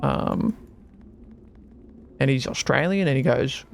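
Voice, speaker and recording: A man streaming a game, chatting casually, excitable, swearing and laughing often. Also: mid-range voice, slow pace, gravelly, slight background noise. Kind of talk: casual gaming chat. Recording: faint music behind.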